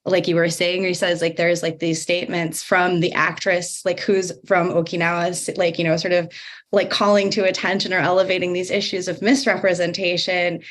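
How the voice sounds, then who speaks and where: Low-voiced woman moderating a podcast panel. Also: level tone, brisk, a bit bright. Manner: casual, reflective talk with many fillers.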